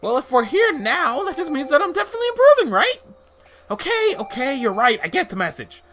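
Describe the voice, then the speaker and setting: A man puts on a squeaky, wisecracking little floating dung beetle, pitched way up and bouncing all over the place. It sounds breezy and full of itself as it guides a hero through a game world. Soft music plays underneath. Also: huge pitch swings, a little fast, full character voice. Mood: cheeky. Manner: wisecracking, breezy, self-satisfied. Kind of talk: video game voice acting.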